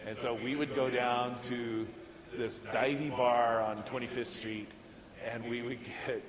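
Preaching in a church sanctuary, a middle-aged pastor keeps things casual and conversational, laughing often and filling his speech with fillers. He has a medium-pitched voice, level tone and measured pace. Crowd noise echoes through the hall.

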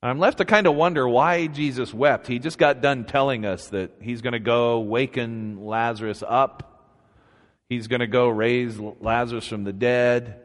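A man preaches in a relaxed, conversational sermon, unhurried and earnest, now and then rising to emphatic peaks. His voice sits at an ordinary middle pitch. It rings out with the long reverb of a church hall. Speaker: pastor.

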